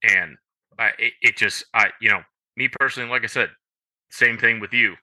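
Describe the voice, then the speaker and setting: A man co-hosting a podcast in casual chat, halting and full of "you know" fillers. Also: medium pitch, steady tone, pushed and bright, no room sound. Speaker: podcast co-host.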